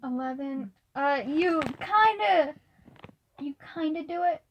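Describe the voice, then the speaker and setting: A young woman running a casual tabletop game as game master, rambling and halting with many fillers. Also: sits high, animated, lo-fi sound. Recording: faint background noise.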